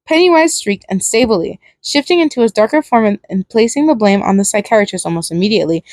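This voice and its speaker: A woman reading fan fiction aloud as narrator, steady but with small restarts. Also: mid-range voice, fast talker, few pauses, no echo.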